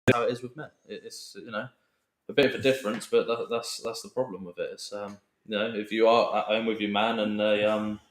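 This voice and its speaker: A man talking earnestly in a casual podcast chat, reflective and halting with many restarts. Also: lowish voice, little pitch movement, echoey room.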